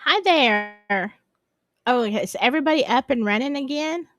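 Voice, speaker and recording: A woman's voice: sits high, lively intonation, unhurried, a bit bright, dry recording. A woman hosting a live stream, chatting casually and apologizing in a flustered, rambling way. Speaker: livestream host.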